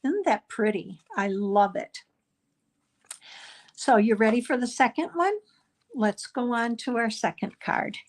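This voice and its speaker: A woman's voice: a little high, expressive, unhurried, pauses often. A middle-aged woman leading a live card-making class, explaining each step in a chatty way with frequent ums. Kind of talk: live crafting class demonstration.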